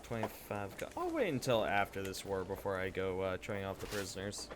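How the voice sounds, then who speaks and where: A man's voice: deep voice, very animated, a little fast, background noise. A young man giving rambling, casual live gameplay commentary, swearing freely and chatting with viewers. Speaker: Twitch streamer.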